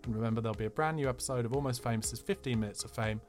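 A man reads a comic memoir aloud for a podcast. His delivery is dry and cheeky, in a mid-pitched voice. He sounds like he is enjoying the mischief. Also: rapid-fire, darkish tone, faint music behind. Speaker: podcast narrator.

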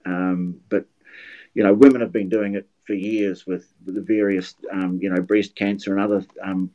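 New Zealand man telling stories, low and dull. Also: little pitch movement, normal speed. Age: older. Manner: anecdotal storyteller with many restarts. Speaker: guest commentator. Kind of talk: casual podcast chat.

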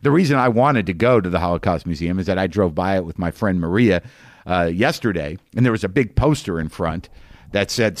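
A man hosting a podcast, telling a rambling, incredulous comic story with quick restarts. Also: sits low, lively intonation, no echo. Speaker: podcast host.

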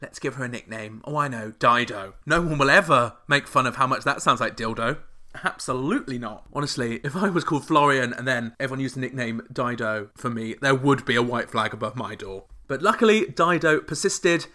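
A man hosting a comedic podcast, full of sarcastic deadpan asides. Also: mid-range voice, brisk. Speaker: podcast host.

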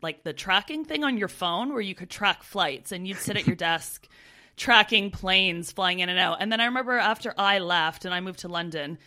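Bright-voiced chatty woman podcast host. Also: medium pitch, normal speed. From Canada. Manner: chatty, laughs often. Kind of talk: casual chat.

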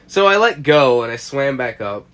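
A man's voice: mid-range voice, big pitch swings, normal speed, fairly bright tone. A young man casually chatting on a podcast, telling a rambling story, laughing and swearing as he goes. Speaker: podcast co-host.

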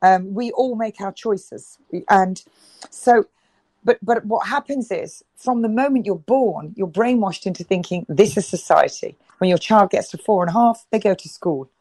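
Her voice sits in the mid range with a darkish tone and moves at normal speed; she's a middle-aged British interview guest speaking emphatically and passionately. She restarts and repeats often, captured in a low-quality recording without room sound.

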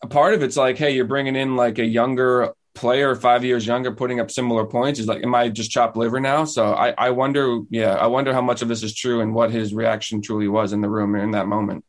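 A man co-hosting a casual sports talk show, recounting a story in a relaxed, conversational way. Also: medium pitch, fairly quick, hardly any pauses. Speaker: podcast co-host.

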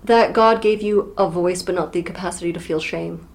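A woman's voice: fairly low pitch, normal speed, a little hiss or hum. Teasing, thoughtful female podcast co-host. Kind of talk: casual book discussion.

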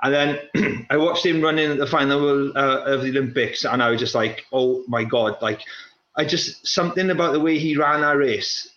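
Fast, restless man in a roomy space. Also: medium pitch, sharp tone. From Wales. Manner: restless, repeats words, quick bursts of speech. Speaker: guest, former runner. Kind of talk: casual chat. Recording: roomy, dull lo-fi sound.

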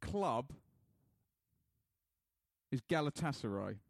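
A man's voice: medium pitch, sing-song, takes it slowly, creaky, no room sound. A man co-hosting a podcast in casual chat, jokey and laughing often as he reads out listener messages. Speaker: podcast co-host.

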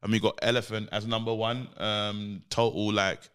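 A man co-hosting a podcast, chatting in a relaxed way and chuckling often. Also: fairly low pitch, moderate pace, clear, resonant tone. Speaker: podcast co-host. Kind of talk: casual banter.

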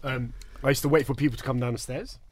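A man's voice: mid-range voice, fairly even intonation, fast talker. A man hosting a casual podcast, laddish and loose, swearing and saying bruv and innit. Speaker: podcast host. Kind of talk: casual banter.

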